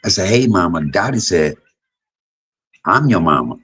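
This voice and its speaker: Husky, animated man in his fifties. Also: normal speed, rough recording. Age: 50s. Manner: animated, swinging between loud outbursts and low murmurs; profane and blunt. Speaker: livestream host. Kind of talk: emotional personal monologue.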